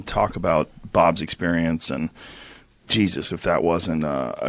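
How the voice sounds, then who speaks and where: Male podcast host, very deep voice, easygoing questions, dry studio sound. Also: a bit bright, no room sound. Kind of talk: casual interview talk.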